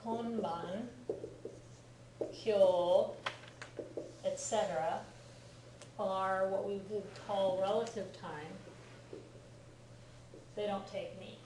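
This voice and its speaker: A woman's voice: medium pitch, steady tone, extremely slow, long pauses, recorded from a distance, slight background noise. A middle-aged woman teaching a class, explaining patiently and often checking that students follow. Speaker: Japanese language teacher. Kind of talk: classroom lecture. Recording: echoey classroom recorded from afar.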